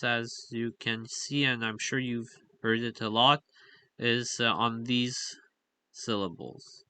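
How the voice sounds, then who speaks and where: A young man talks through a linguistics slide lesson at an unhurried pace, pausing on fillers and correcting himself as he goes. His voice is very bright and crisp. The recording is dry and close, with almost no room sound. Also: mid-range voice, no echo. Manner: hesitant, frequent "uh" fillers and self-corrections. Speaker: linguistics explainer. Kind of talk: slide lecture voice-over.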